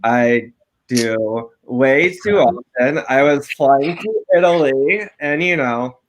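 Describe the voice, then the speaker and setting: A young man co-hosting a podcast, chatting casually and telling animated, camp stories. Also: medium pitch, slow. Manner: animated, camp storytelling with acted quotes. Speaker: podcast co-host. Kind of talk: casual chat, storytelling.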